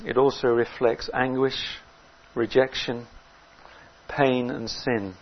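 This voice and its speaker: A man preaching a sermon in an earnest way, rising loud on key words and dropping low between them. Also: level tone, takes it slowly, lo-fi sound.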